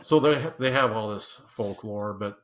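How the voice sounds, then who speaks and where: A man's voice: fairly low pitch, normal speed, a bit bright. A man telling casual stories in an interview, with many restarts and laughs. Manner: rambling with restarts and laughs, acts out quotes. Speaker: podcast guest. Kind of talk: casual storytelling.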